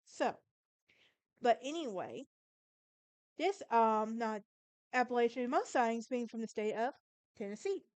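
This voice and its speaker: Chatty Southern woman podcaster, smooth voice. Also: on the high side, animated, a little slow, pauses often, a little mellow, no echo. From Alabama. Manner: chatty, self-correcting, stumbles over words. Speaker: podcast host. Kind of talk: casual solo podcast narration.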